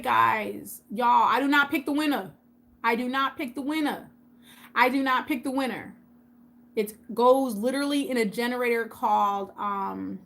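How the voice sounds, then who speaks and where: A woman's voice: a little high, vocal fry, fairly bright tone. A woman hosting a casual live stream, chatting with viewers by name and repeating points for emphasis. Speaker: YouTube host on a livestream.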